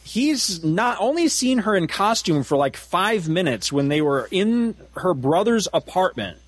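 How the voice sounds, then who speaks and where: A man's voice: sits high, sing-song, measured pace, no room sound. A man in his forties co-hosting a casual podcast, ranting with profanity and frequent laughter. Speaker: podcast co-host. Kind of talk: casual comic-book discussion.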